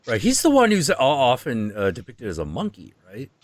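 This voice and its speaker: A man on a casual podcast, joking and swearing freely as he retells stories, with quick, exaggerated voices for the people in them. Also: mid-range voice, huge pitch swings, no echo. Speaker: co-host.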